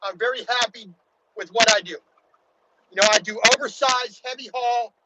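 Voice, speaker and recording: A man's voice: very high-pitched, normal speed. A man from Baltimore, a truck driver, chatting casually while driving, rambling with many restarts and "you know"s. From Baltimore, USA. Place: in a truck cab on the road. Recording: loud road and engine noise in a truck cab.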